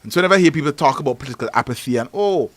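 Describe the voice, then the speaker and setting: A man from Antigua with an Antiguan accent, telling stories on a talk show in an animated, emphatic way. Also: medium pitch, very fast, slight background noise. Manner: animated storytelling, rising to emphatic peaks. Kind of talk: casual talk show discussion.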